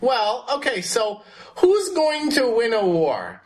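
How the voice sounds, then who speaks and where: A man's voice: extremely high pitch, huge pitch swings, slow. A man teaching a class, asking questions and calling on students by name. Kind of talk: classroom history lesson.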